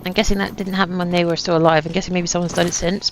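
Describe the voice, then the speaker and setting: A woman's voice: fairly low pitch, fairly even intonation, fast, slight background noise. A woman giving chatty, wry commentary on her own game, full of self-mocking asides. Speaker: gaming channel host. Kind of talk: casual gameplay commentary. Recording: dull lo-fi sound with faint ambience.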